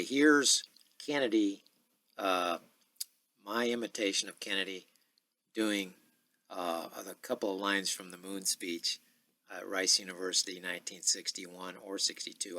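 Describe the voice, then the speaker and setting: A man in his sixties hosting a podcast in a casual, rambling monologue full of filler pauses. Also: low voice, bright, forceful tone, no echo. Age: 60s. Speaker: podcast host.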